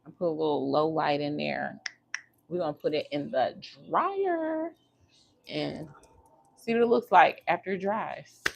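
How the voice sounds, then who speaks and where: A woman's voice: deep voice, animated, a little slow, creaky, dull audio, slight background noise. A woman hosting a casual livestream, chatting and teasing her viewers while she works on her hair. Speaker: livestream host.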